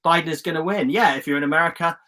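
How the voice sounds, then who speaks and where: A man from England leading a casual live-streamed session, talking in a fairly high, upbeat voice. He coaches his viewers warmly, cheers on their comments and keeps things loose and chatty over a webcam. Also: very fast. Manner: chatty and encouraging, reads out viewer comments with lively enthusiasm. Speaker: host of a live online journaling session. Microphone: phone or webcam on a live stream.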